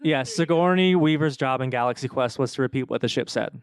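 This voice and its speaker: A man hosts a live podcast panel at a convention, reading audience comments aloud with playful mock formality. His voice is smooth and clean. The sound is dry and close. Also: mid-range voice, brisk, dry recording.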